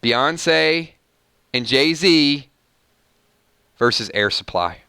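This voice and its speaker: A man's voice: fairly high pitch, moderate pace, clean tone, no room sound, studio quality. A man hosting a casual live stream, playfully singing song snippets between chat with viewers. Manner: sings snippets of songs, playful and animated. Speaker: livestream host.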